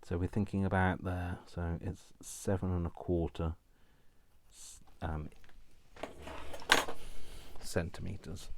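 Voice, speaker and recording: A man's voice: sits low, gravelly, background noise. A man chatting casually while he crafts at home, rambling and self-deprecating and laughing often. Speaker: crafting YouTuber.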